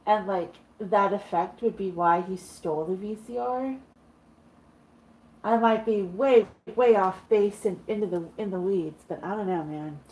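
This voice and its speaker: A woman's voice: mid-range voice, steady tone, measured pace, rough recording. Female player, casual chatty tone, musing aloud. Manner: chatty, thinking out loud. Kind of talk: casual tabletop play.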